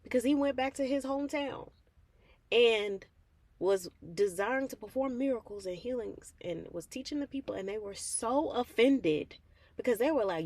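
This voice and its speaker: A woman's voice: a little high, expressive, moderate pace, darkish tone, dry recording. Heartfelt woman sharing her faith. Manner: conversational and heartfelt, calls listeners "baby", acts out quoted prayers. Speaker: host of a faith reflection channel. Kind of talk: personal faith testimony, casual chat.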